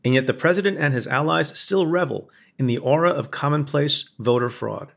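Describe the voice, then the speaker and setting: A man, a former prosecutor, reading a scripted opinion essay in a measured, pointed way with building emphasis. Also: fairly high pitch, creaky, a bit bright. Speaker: former prosecutor narrating commentary.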